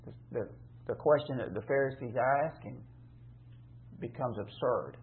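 A man's voice: medium pitch, moderate pace. Emphatic male preacher on a tinny line. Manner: emphatic, repeats words, rhetorical questions. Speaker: preacher teaching scripture. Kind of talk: conversational Bible teaching.

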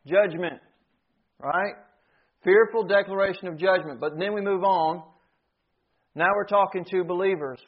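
A man's voice: high voice, a little slow, long pauses, slightly rough. A man, teaching a Bible class in a sermon style. He repeats key phrases and puts questions to his listeners. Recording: dull lo-fi recording.

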